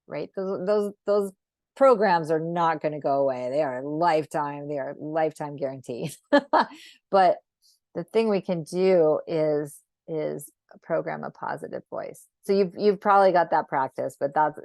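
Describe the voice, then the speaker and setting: A woman with a low, gravelly voice guides a drawing lesson over a video call. She talks gently and unhurriedly, often checking in with "right?". The sound is close and dry. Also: no echo. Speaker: sacred geometry teacher. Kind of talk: live online drawing lesson.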